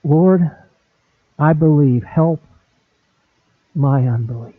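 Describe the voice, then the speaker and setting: A middle-aged pastor preaching a sermon, animated, acting out quoted conversations with big swings in voice. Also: male voice, a little high, slow, no room sound. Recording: dry, tinny phone-like sound.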